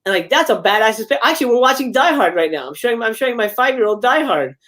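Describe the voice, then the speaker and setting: A woman's voice: on the high side, animated, quick pace, a bit bright. A woman guest in a casual livestream film chat, blunt and enthusiastic, swearing freely. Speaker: guest co-host.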